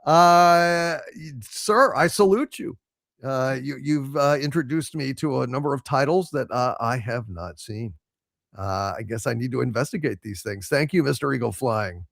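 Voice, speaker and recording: A man's voice: medium pitch, moderate pace, creaky, a bit bright, no room sound, clean studio sound. A man hosting a casual live stream, reading out viewer messages with mock-grand salutes in a loose, rambling way. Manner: loose and rambling, many fillers. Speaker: show host reading viewer super chats.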